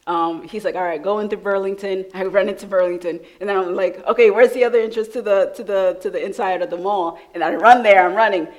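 A woman from New York telling a lively personal testimony in church, laughing often as she speaks. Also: medium pitch, fast talker, few pauses, poor audio. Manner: animated storytelling, laughing often. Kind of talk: sermon testimony.

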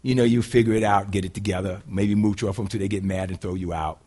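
A middle-aged man preaching a sermon in a casual, folksy way, moving between loud preaching and quiet, hushed storytelling. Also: on the low side, fairly even intonation, fast talker. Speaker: pastor.

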